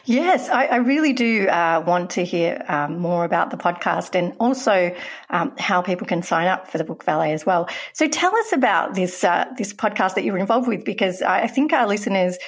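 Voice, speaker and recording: Lively woman radio host. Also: fairly low pitch, normal speed, husky. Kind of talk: radio interview.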